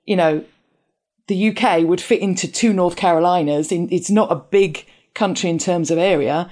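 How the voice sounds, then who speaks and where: A woman from London speaks with a polished southern English accent and enunciates every word clearly. Her voice is low and mellow. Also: normal speed. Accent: London, leaning toward received pronunciation. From southeast London, England. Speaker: podcast guest and contributor. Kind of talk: careful interview talk.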